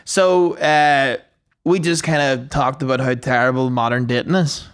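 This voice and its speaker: Rambling Northern Irish podcast storyteller. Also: male voice, mid-range voice, steady tone, moderate pace, fairly bright tone, clean tone. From Omagh, Northern Ireland. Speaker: podcast co-host. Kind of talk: casual chat.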